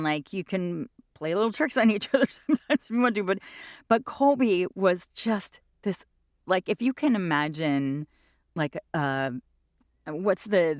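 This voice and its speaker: A woman in her fifties, a stage actor chatting in an interview, rambles through her stories in a lively way. Her voice sits a little low. The sound is dry, with no room echo. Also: smooth. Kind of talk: casual interview chat.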